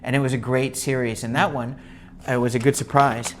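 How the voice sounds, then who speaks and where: A man's voice: medium pitch, little pitch movement, fairly quick, a little hiss or hum. A middle-aged man from England co-hosting a podcast in casual chat, enthusiastic and rambling, often restarting sentences. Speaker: podcast co-host.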